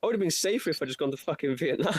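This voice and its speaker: A man's voice: a little high, slightly rough, no room sound. A man hosting a casual livestream chat, laid-back and swearing freely in banter. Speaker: host.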